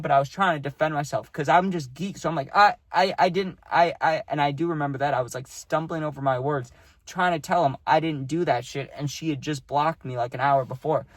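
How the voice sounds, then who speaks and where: This young man has a fairly high voice and tells a personal story in a loose, rambling, profane way, packed with fillers. It's recorded close to the mic with no echo.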